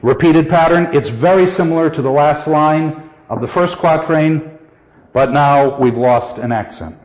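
A male literature teacher lecturing a class on poetry, putting questions to the students and reading verse lines slowly. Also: fairly high pitch, a little mellow. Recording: echoey hall, dull lo-fi sound.

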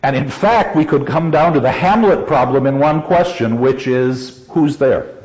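A man lecturing a class on a play, animated and quick to laugh, sometimes acting out quoted lines in a raised voice. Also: mid-range voice, a little hiss or hum. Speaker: literature teacher. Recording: dull lo-fi classroom recording.

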